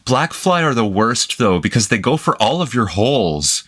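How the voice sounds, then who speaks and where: Jokey, ranting man with a bright voice. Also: mid-range voice, big pitch swings, normal speed, slight background noise. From Canada. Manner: jokey, ranting, acts out quoted phrases. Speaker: reaction video co-host. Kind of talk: casual reaction commentary.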